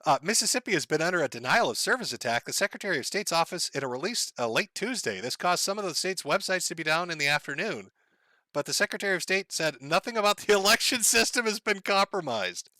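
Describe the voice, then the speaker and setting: A man's voice: high-pitched, very animated, quick pace, sharp tone, no echo. Sardonic man hosting a live stream. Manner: sardonic and laughing often. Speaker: livestream host.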